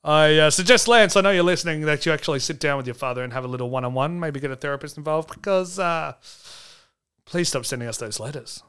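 A man hosting a comedy podcast, brash and sarcastic, hyping up merch with loud bursts. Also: a little high, fast talker, smooth. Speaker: podcast host.

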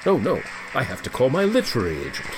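A man playing a suave, self-serving male secret agent in a comedy sketch, brisk and matter-of-fact, with music underneath. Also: medium pitch, huge pitch swings.

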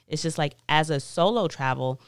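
A woman hosting a podcast, talking in a lively, blunt way and swearing casually. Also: sits low, moderate pace, clean tone, no echo, studio quality. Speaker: podcast host. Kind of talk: casual interview chat.

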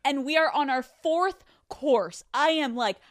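A woman podcast host telling a story in a solo episode, animated and swearing freely as she acts out what others said. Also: sits high, a little slow, no room sound. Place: studio. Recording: dry studio sound.

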